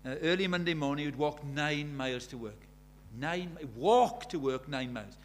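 A man's voice: a little high, normal speed. A man preaching a sermon, telling stories in a conversational way and building to urgent emphasis.

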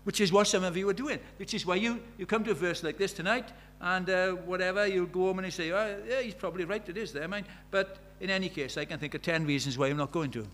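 A man preaching a sermon, conversational and animated, swinging from loud exclamations to quiet, intimate tones. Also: high voice, fast talker, few pauses. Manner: conversational, uses quoted dialogue and filler words.

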